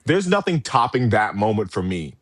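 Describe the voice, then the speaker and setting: Animated co-host, lively high voice, dry sound. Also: male voice, moderate pace, no room sound. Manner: animated storyteller, acts out quotes, swears a lot. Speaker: podcast co-host. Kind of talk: casual chat.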